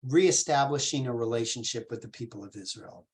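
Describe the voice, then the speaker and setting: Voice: mid-range voice, lively intonation, brisk, darkish tone. Rabbi teaching a casual text class; patient, informal, asks the group questions. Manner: informal, with fillers and restarts. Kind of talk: conversational Torah class.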